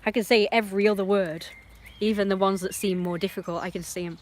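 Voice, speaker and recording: A woman's voice: medium pitch, fairly even intonation, fast talker, a little hiss or hum. Blunt, rambling woman ranting on stream. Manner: swings between muttering and loud outbursts. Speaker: livestreamer. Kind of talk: casual livestream rant.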